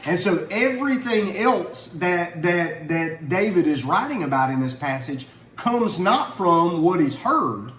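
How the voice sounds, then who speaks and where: Middle-aged man, slightly high voice, earnest family Bible teacher, echoey room with faint ambience. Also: lively intonation, unhurried, few pauses, a bit bright, a little hiss or hum. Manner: earnest and conversational, asks questions. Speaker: father teaching a Bible lesson.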